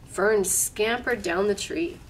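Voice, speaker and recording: A woman storyteller reading a picture book aloud, gently pointing out the pictures as she goes. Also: mid-range voice, steady tone, takes it slowly. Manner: gentle, explaining pictures to listeners. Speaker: library storyteller.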